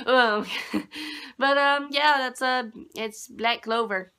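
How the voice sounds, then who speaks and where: A woman giving a casual, rambling anime review, dismissive and quick to laugh. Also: a little high, steady tone, bright, forceful tone.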